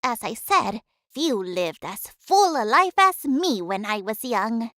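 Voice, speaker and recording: A humble, devoted housekeeper in a video game who talks reflectively and at length. Her voice is bright and fairly high with lots of movement. She speaks slowly. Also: very animated, no room sound, clean studio sound, exaggerated voice. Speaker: housekeeper of a manor. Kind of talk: game voice acting.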